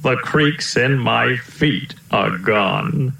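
A man voicing a gentle, creaky old uncle elephant in a storybook, slow and sighing. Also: mid-range voice, exaggerated voice. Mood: contented, tired. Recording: roomy echo.

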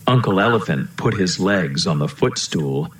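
A man reading a children's storybook aloud, slow and lilting. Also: low-pitched, animated, slight background noise. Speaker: storybook reader. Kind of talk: storybook read-aloud narration. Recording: roomy echo.

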